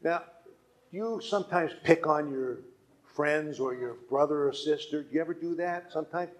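A man who is a pastor, reading scripture aloud in a church in a measured, solemn way and then speaking gently and playfully to children. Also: a little high.

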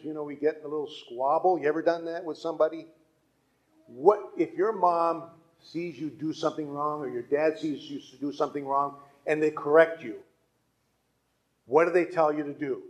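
A man who is a pastor, reading scripture aloud in a church in a measured, solemn way and then speaking gently and playfully to children. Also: a little high.

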